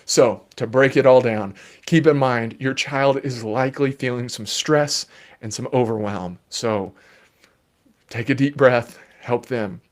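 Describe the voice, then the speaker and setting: Man, children's therapist, live parenting Q&A, calm, explanatory, mid-pitched voice. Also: a little slow. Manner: calm, explanatory, gently playful.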